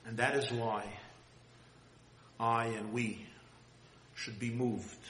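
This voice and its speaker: A man giving an impassioned sermon, swinging from loud high cries to hushed low tones. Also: little pitch movement, takes it slowly, a little hiss or hum. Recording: roomy hall with long reverb.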